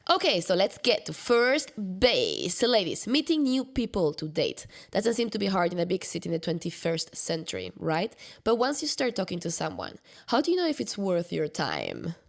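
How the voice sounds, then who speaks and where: A woman hosting a casual podcast, leading the talk with a lively, laughing manner. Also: lowish voice, moderate pace, gravelly, few pauses. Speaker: podcast host.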